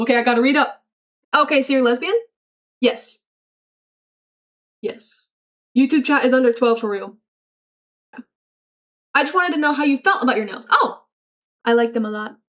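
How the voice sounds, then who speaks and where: A streamer with a high, animated, fairly bright voice works through her chat at a moderate pace, leaving long pauses. She reacts aloud to the messages, chatting casually, laughing often and swearing freely.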